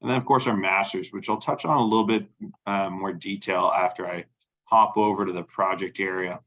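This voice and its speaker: A man hosting a webinar and walking through a software demo, speaking casually with many fillers. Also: deep voice, fairly even intonation, fairly quick, highs cut off. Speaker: webinar host.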